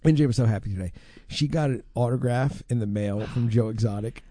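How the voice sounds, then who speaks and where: A man's voice: medium pitch, fairly quick, warm tone, no room sound, clean studio sound. A man hosting a radio show, chatting casually and teasing his co-host. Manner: teasing, joking. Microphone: studio mic.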